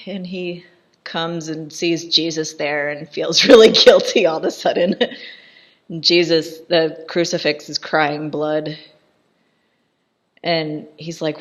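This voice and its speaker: A woman giving casual, irreverent commentary over a film, chatty and quick to laugh. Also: low-pitched, fairly even intonation.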